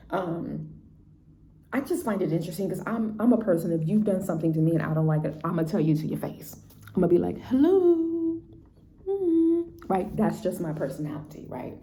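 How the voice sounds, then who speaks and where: A woman's voice: fairly low pitch, mellow. A woman teacher telling a classroom story in a chatty, casual way, often checking in with "right?" and "you know". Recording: roomy echo, faint background noise.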